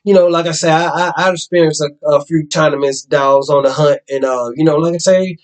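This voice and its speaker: A man's voice: fairly high pitch, fairly even intonation, quick pace, poor audio. Rambling man hosting a dog vlog. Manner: rambling, repeats "like I say" and restarts often. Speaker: host. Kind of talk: casual vlog talk.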